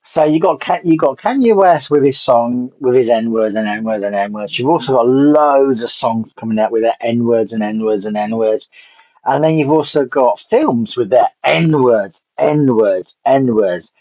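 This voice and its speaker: A man's voice: mid-range voice, animated, a little slow, warm tone, dry recording. Rambling man, dull lo-fi sound. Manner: rambling, blunt, swears casually, trails off. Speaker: film reviewer. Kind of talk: casual rambling film review.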